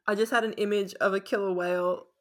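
A young woman co-hosting a casual book discussion, frank and quick to laugh as she talks about a story. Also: mid-range voice, fairly even intonation, a little hiss or hum. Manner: frank, laughing, swears freely.

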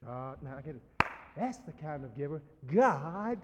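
A man's voice: fairly high pitch, sing-song, moderate pace, background noise. A male pastor preaching a sermon, laughing, repeating words and calling for amens. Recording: long reverb of a church hall.

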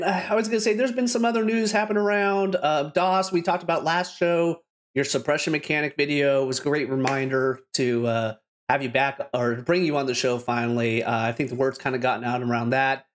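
Host: man with a slightly high voice, upbeat, rambles, laughs easily. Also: normal speed. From Canada. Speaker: podcast host. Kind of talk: casual podcast hosting.

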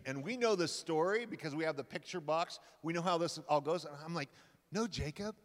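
A male pastor preaching a sermon at a men's conference, telling the story with lively, acted-out quotes. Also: fairly high pitch, brisk. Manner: animated storytelling, acting out quoted lines. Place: conference hall. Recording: live hall with long reverb.

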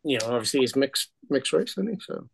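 An Irish man chatting on a comedy podcast. He tells his stories in halting bits and restarts his sentences often. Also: mid-range voice, very animated, creaky, a little hiss or hum. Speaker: podcast contributor. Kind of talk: casual podcast chat.

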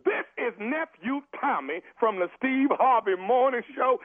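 High male prank caller on a phone line, persistent, stammers, keeps saying sir. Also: lively intonation, measured pace, hardly any pauses, no room sound. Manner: persistent, stammering, formal "sir" with sudden laughs.

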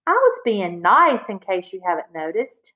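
A woman reading aloud, voicing a clever young girl who speaks calmly and matter-of-factly to her brother. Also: medium pitch, moderate pace, lo-fi sound, close to an everyday voice. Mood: hurt, defensive. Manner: calm, matter-of-fact. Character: clever, calm young girl, know-it-all sister.

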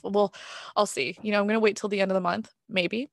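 A woman's voice: medium pitch, fast talker, no room sound, clean studio sound. Chatty woman retelling a story. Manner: animated storyteller, acts out quoted dialogue. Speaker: podcast co-host. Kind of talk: casual chat. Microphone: podcast mic.

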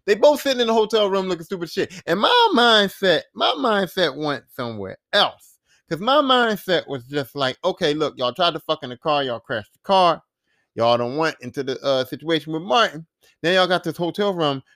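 A man hosting a podcast, casually recapping a TV series in a profane, animated storytelling manner, acting out the characters' lines. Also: on the high side, normal speed, no echo, clean studio sound. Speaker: podcast host.

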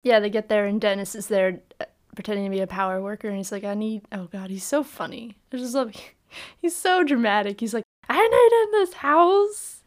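A woman's voice: mid-range voice, a little fast. A woman co-hosting a podcast, chatting casually about a film, laughing and acting out its lines. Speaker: podcast co-host. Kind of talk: casual film review chat.

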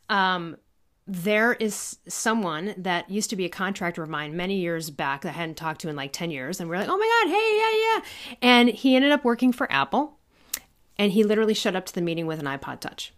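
A woman guest telling a personal story in casual conversation, animated, acting out what people said and swearing freely. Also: on the low side. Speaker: podcast guest.

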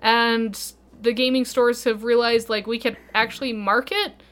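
A woman's voice: a little high, steady tone, a little slow, fairly bright tone. Giggly woman co-hosting a podcast. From Utah, USA. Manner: giggly, playful, talks with many "like" fillers. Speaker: podcast co-host. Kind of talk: casual chat.

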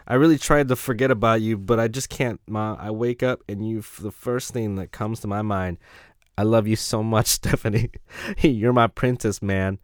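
A lovesick inmate pours out his heart in loud, profane street slang, as a man reads his letter aloud. The voice sits low and sounds dry and close. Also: fairly even intonation, normal speed, no echo, close to an everyday voice. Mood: pleading.

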